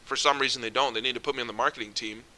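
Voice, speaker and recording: A young man ranting casually to camera, swearing a lot and getting exasperated, almost yelling when he gets worked up. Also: mid-range voice, fairly even intonation, rapid-fire. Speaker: vlogger.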